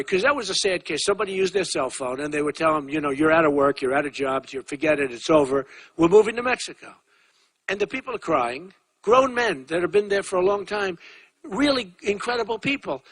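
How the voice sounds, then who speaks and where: A man in his sixties speaks to a crowd, bright and forceful, with a husky edge to his voice. He talks in a boastful, repetitive, off-the-cuff way, turning to the audience with asides. The sound is dry and close. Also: sits high, dry recording. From United States. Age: 60s. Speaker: political candidate speaking at a rally. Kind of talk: rally speech.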